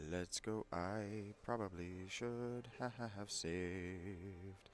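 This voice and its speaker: A deep-voiced man talking slowly through a let's play, musing aloud about where to go next. His commentary is unhurried and self-directed. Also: faint music behind.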